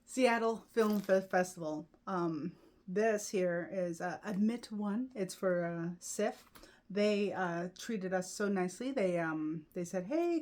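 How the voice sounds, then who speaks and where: A woman comedian and event host chatting casually in a vlog, animated, with lots of fillers and laughter. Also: medium pitch. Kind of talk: casual vlog chat about mementos.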